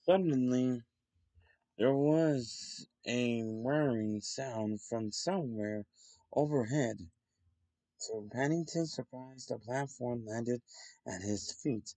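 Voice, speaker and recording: A man reading a children's story aloud in a slow, deliberate way with occasional slips. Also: medium pitch, creaky, dark tone, dry recording. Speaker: storybook reader.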